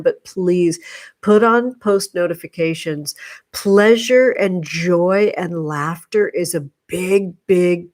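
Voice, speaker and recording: A middle-aged woman hosting a casual livestream, warmly greeting viewers by name and calling them sweetie. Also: lowish voice. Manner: affectionate, effusive, calls viewers sweetie.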